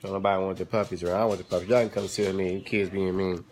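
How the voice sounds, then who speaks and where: A man at home hosting a casual live-stream chat, telling stories in an animated way and talking back to his viewers. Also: low-pitched, racing, noisy background.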